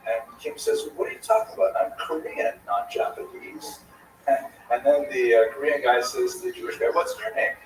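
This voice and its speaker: A man hosting a livestream discussion in a casual, animated way. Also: mid-range voice, moderate pace. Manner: animated, tells jokes. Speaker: livestream host. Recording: echoey room from far off, faint noise.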